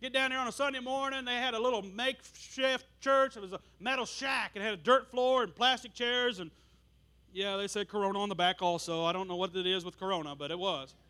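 A man preaching a sermon, telling stories with animated bursts of shouting. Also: high voice, a little fast, clear, resonant tone.

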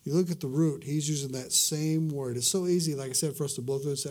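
A middle-aged man preaching a sermon as a pastor, repeating himself, dropping to a hush and slowing on key words. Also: on the high side. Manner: swings from loud emphasis to hushed, drawn-out words; repeats words and restarts mid-sentence.

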